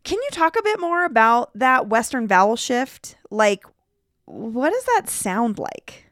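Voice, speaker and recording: Female host from Denver, mid-range voice, very expressive, curious and chatty, dry close recording. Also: fairly high pitch, a little slow, dry recording. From Denver, Colorado. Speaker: podcast host. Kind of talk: scripted intro, then conversational interview.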